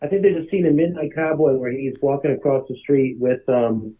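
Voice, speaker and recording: A man's voice: medium pitch, fairly quick. A man co-hosting a casual podcast about film music, laid-back and chuckling, with dry teasing asides. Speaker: podcast co-host. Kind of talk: casual film soundtrack chat. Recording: husky voice over a tinny phone-like line.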